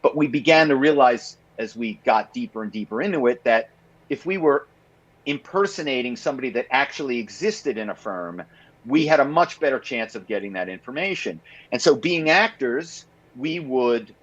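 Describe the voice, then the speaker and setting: A male author and guest on an interview show, telling stories in an animated way with many fillers. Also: mid-range voice, moderate pace, muffled recording. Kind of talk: podcast interview.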